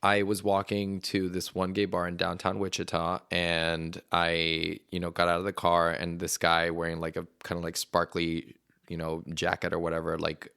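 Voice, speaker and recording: A man's voice: sits low, monotone, moderate pace, gravelly, pushed and bright, clear, resonant tone, no room sound, clean studio sound. A young adult man from Venezuela, a guest talking casually in an interview, rambling with lots of fillers. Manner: chatty, rambling storyteller with many fillers. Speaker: actor and podcast guest.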